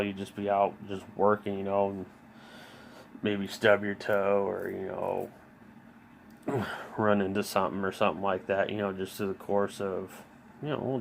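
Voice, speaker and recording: A man's voice: lowish voice, gravelly, a little hiss or hum. A man telling a personal story in a rambling, casual way, with many fillers, restarts and swearing. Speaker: vlogger.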